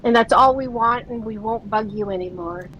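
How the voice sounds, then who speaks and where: A woman's voice: a little high, moderate pace, fairly bright tone, slight background noise, low-quality recording. A woman playing a tabletop game, talking in character in a bold, indignant way. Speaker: player.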